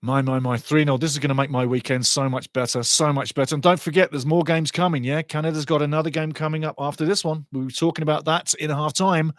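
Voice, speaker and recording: A man hosting a live football watchalong, excitable and chatty, repeating catchphrases and laughing loudly. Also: on the high side, quick pace, few pauses, no room sound. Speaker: watchalong host. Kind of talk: excited live match commentary.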